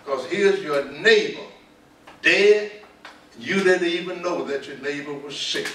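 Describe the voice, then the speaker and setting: Brief: older Southern man, pastor, emphatic sermon-like delivery, somewhat high voice, recorded from afar in a big echoing hall. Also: a bit bright. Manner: emphatic, repeats key words, slows for stress. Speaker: pastor and author speaking to students. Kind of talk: preaching-style talk. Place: large auditorium. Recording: echoey hall, distant mic, light noise.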